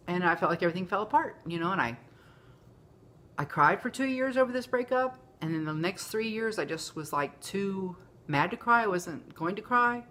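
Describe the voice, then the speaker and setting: A woman's voice: lowish voice, a bit bright. A woman, talking candidly and emotionally in a rambling personal vlog. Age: 40s. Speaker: vlogger. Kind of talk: casual confessional vlog.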